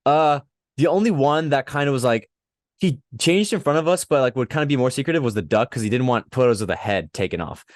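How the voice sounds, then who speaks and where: A man hosting a casual interview, laid-back and quick to laugh. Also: mid-range voice, expressive, no echo, clean studio sound. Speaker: podcast host.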